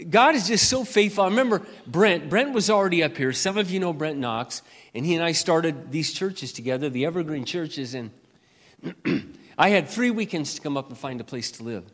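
A man preaching as a pastor, telling a personal story in an earnest way, then reading scripture slowly and loudly. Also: on the high side, lively intonation, long reverb tail.

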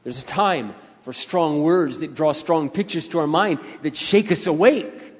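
Older male pastor, emphatic sermon delivery, slightly high voice, dull recording with long reverb. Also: unhurried. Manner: emphatic preacher who swings between soft storytelling and loud rising appeals.

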